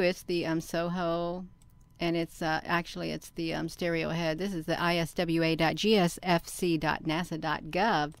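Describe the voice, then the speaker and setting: A woman hosting a casual screen-share video, talking to herself by name and to her viewers, and breaking into loud excited exclamations. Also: sits low, no room sound. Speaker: channel host.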